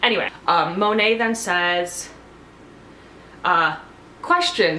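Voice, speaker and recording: A woman's voice: medium pitch, moderate pace, fairly bright tone, a little hiss or hum. A woman giving a casual, chatty TV recap, gossipy and full of "like"s. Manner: gossipy, filler-heavy, many "like"s. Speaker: TV show reviewer. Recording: echoey room, faint ambience.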